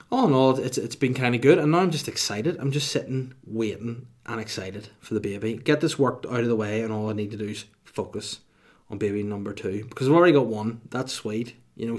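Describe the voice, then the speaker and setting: A man in his thirties hosts a solo podcast, talking to the mic in a loose, rambling way. His humor is crude and self-mocking. His voice sits in a mid pitch. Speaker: podcast host. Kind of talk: casual solo podcast monologue.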